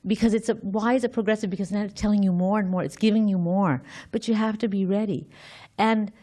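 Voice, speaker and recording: A woman's voice: medium pitch, fairly even intonation, quick pace, mellow. A woman giving an informal scripture class, thinking aloud, quizzing her listeners and often restarting her sentences.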